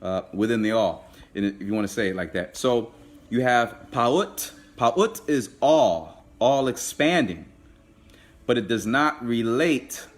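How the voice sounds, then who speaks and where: A man teaching a live online language class, patiently repeating and drilling words slowly. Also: medium pitch.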